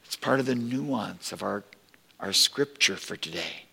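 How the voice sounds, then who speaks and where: Slow, gravelly-voiced male preacher. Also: fairly low pitch, animated, pushed and bright, big-room sound. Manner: slow, deliberate preaching with emphatic rising quotes. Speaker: pastor. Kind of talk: sermon. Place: church sanctuary.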